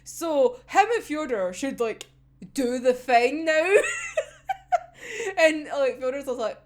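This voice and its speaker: A woman, hosting a casual episode discussion, animated, laughing often and swearing freely. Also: high voice, takes it slowly. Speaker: anime reaction host.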